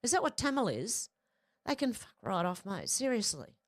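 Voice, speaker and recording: A woman's voice: mid-range voice, very animated, normal speed. An Australian woman reading out social media posts and commenting on them in a casual, blunt, profane way, with frequent asides. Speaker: political commentary vlogger.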